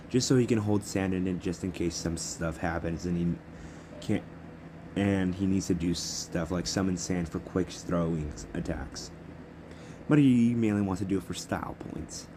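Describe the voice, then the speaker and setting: Low-voiced man rambling a fan story. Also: measured pace, background noise. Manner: rambling, self-correcting. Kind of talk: improvised fan story narration.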